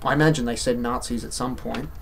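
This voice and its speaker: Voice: mid-range voice, fairly even intonation, fast talker, slight background noise. Sarcastic Australian vlogger ranting. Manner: sarcastic, exasperated ranting with mocking asides. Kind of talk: opinion rant to camera.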